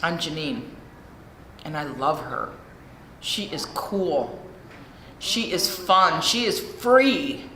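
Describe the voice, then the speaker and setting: Low-pitched and sing-song, her voice is bright and forceful, moving at a slow pace with frequent pauses. The middle-aged American woman speaks frankly and profanely in a recovery share, using a podium mic in a large, echoey hall with faint room noise.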